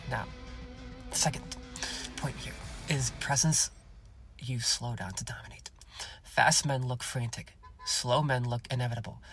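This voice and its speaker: A man hosting a self-help podcast, speaking in a slow, commanding way that often drops to a whisper and is peppered with "okay?" and "you guys". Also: medium pitch. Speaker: podcast host.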